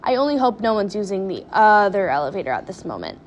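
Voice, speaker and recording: A woman voicing an eccentric male candy-factory owner who stays calm and cheerfully reassuring in a storybook reading. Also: medium pitch, fast talker, natural voice. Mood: breezy.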